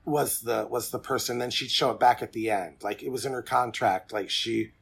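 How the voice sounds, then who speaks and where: A man's voice: medium pitch, steady tone, moderate pace, vocal fry, husky. A man co-hosting a podcast in casual chat, adding dry, wry remarks. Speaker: podcast co-host.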